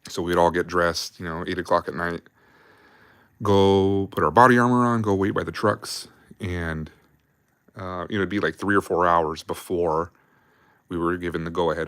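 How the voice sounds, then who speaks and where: A man's voice: deep voice, steady tone, normal speed, pauses often, a bit bright, dry recording, studio quality. A man, an army veteran hosting a livestream, telling war stories casually with lots of swearing and fillers while drinking beer. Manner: rambling, profane, heavy on fillers. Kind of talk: casual storytelling.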